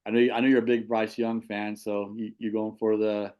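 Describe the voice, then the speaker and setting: A man hosting a casual sports talk show, animated and quick to repeat himself as he asks his co-hosts questions. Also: lowish voice, lo-fi sound, slight background noise. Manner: animated, repeats and restarts words. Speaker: show host and football official.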